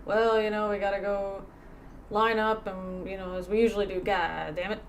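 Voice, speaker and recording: A woman plays a gruff male army sergeant who barks clipped, repetitive orders and swears between them. The delivery is loud and rapid-fire, at an ordinary middle pitch. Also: little pitch movement, a little hiss or hum, close to an everyday voice. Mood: barking. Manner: clipped barked repetition, cursing.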